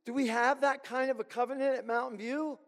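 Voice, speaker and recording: A man preaching a sermon as pastor, earnest and emphatic with deliberate pauses. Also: very high-pitched, steady tone. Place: church sanctuary. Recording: long hall reverb.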